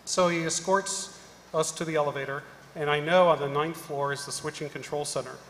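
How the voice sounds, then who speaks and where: A middle-aged man on a conference panel, telling an animated story and acting out the people in it. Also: a little high, a little hiss or hum. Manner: animated anecdote-telling, acting out quoted voices. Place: large conference hall. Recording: echoey hall, live panel mic.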